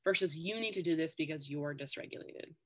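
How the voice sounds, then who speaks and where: Woman guest on a podcast, lowish bright voice, keeps saying really, calm explainer. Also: fairly quick. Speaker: guest expert. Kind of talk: podcast interview.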